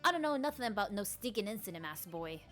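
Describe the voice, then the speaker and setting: A woman doing Furio Tiger, a loud Brooklyn thug. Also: medium pitch, very animated, quick pace, soft background music. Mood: swaggering. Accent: mock Brooklyn. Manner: swaggering, shouty, street slang. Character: brash loudmouth male loan-shark thug.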